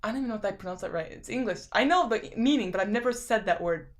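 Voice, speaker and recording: A young woman with a lisp, chatting casually on a live stream and reading viewer comments out loud, rambling with lots of fillers. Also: medium pitch, animated, quick pace. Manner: rambling, filler-heavy, laughs often.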